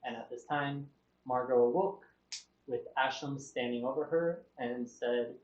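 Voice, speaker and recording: A man at middle pitch recaps the last tabletop session as game master, pausing often with ums and uhs. His voice comes through a muffled online call with a roomy echo around it. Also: darkish tone. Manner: halting, with many fillers.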